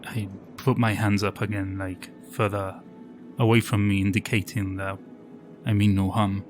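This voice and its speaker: A man playing a tabletop game, describing his actions in low, quiet asides. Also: little pitch movement, moderate pace, faint music behind. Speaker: player.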